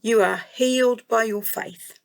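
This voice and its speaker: A gentle male healer who speaks with calm, kindly authority, unhurried and slow, as a woman storyteller gives him voice. The accent is Australian and the delivery suits a storybook told to children. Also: on the high side, vocal fry.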